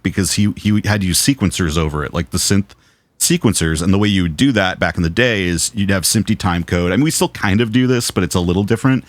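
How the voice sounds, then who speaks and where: A man co-hosting a podcast, telling anecdotes in an animated, casual way with some swearing. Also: deep voice, fast, no echo. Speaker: podcast co-host. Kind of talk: casual film chat.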